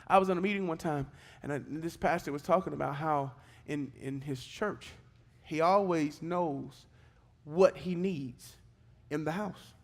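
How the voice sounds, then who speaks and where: A man preaching a sermon in church, moving between relaxed storytelling and fervent exhortation. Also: a little high, unhurried. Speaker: pastor. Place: church service.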